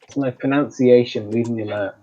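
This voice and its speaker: A man's voice: medium pitch, fairly even intonation, fairly quick, warm tone, dull audio. A man playing a tabletop game, talking casually and hesitantly with lots of ums. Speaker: player.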